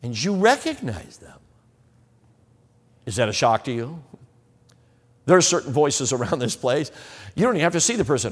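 Animated preacher in a reverberant hall. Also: male voice, mid-range voice, normal speed, long pauses, slightly rough. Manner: animated preaching, acts out imagined listeners. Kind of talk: sermon.

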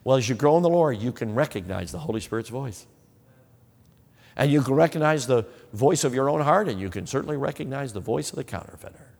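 Animated preacher in a reverberant hall. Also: male voice, medium pitch, a little fast, creaky, slightly rough. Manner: animated preaching, acts out imagined listeners. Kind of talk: sermon.

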